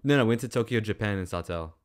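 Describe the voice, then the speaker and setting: A man's voice: lowish voice, expressive, very fast. A man hosting a casual podcast, joking around and stammering through a cough while sick. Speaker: podcast host.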